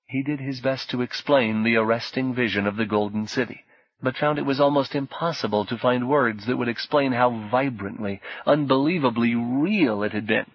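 A man reading audiobook narration in a measured, even storytelling manner. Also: mid-range voice, no echo. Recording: dull lo-fi dry audio.

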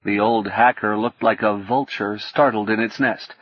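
A man reading an audiobook in steady, measured scripted narration. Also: on the low side, breathy edge, dry recording, dull audio.

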